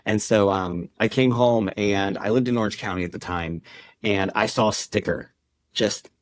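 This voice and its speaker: Low-voiced man telling a personal story. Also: moderate pace. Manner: conversational, acts out quoted dialogue. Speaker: podcast guest, endurance club founder.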